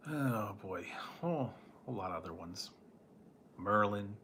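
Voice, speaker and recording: Chuckling man rambling, bright voice. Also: fairly low pitch, expressive, slow, a little hiss or hum. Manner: rambling, chuckles often between remarks; nostalgic, trails off and restarts. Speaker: food reviewer reading live chat. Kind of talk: casual chat.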